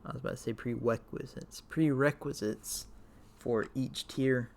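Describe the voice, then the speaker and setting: Gravelly-voiced man rambling through a ranking. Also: mid-range voice, monotone, brisk. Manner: rambling, hesitant, many fillers. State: tired, voice wearing out. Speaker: youtuber ranking characters. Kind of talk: casual talk to camera.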